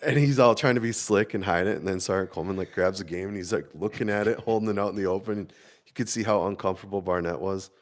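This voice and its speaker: A man in his thirties with a fairly low voice, swapping old army stories in relaxed, casual chat. He tells them in a laid-back way and breaks into laughter often. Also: quick pace. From Minnesota. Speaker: army veteran podcast co-host.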